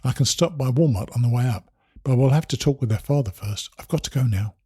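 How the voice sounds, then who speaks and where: A man reading as a calm, matter-of-fact mother. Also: medium pitch, fast, slightly rough, dry recording, clean studio sound, lightly acted.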